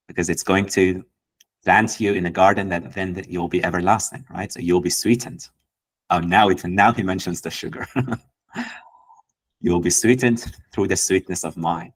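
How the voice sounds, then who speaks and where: A man with a very low voice leads a gathering and explains a poem line by line. He talks gently and thoughtfully, often stopping to restart a phrase as he searches for words. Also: poor audio. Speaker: host explaining poetry. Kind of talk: reflective teaching talk.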